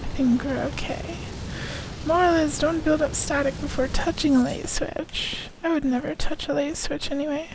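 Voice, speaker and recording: High-voiced playful woman streamer. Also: steady tone, normal speed, background noise. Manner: playful, talks sweetly to chat, yelps in mock panic. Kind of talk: casual gameplay chat.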